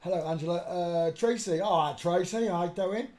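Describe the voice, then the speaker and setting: A man's voice: sits high, moderate pace, a little mellow. An older man hosting a rambling live stream from his home desk, chatting, greeting viewers and humming to himself as he clicks around. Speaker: livestream host.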